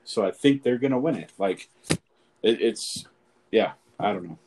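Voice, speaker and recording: A man's voice: on the low side, normal speed, slight background noise, low-quality recording. A man co-hosting a sports podcast over a remote call, talking casually and animatedly and filling his talk with "like". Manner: animated, says "like" often. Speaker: podcast co-host.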